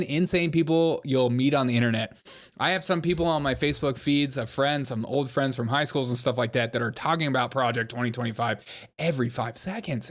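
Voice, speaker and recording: A man hosting a comedic commentary show, reacting sarcastically to clips and laughing often. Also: on the high side.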